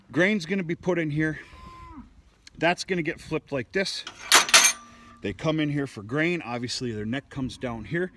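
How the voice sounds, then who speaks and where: Folksy farmer with a noisy outdoor mic. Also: male voice, medium pitch. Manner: folksy, rambling, with frequent restarts and mild cursing. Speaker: cattle farmer. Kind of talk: casual farm vlog. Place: outdoors in a farm feedlot.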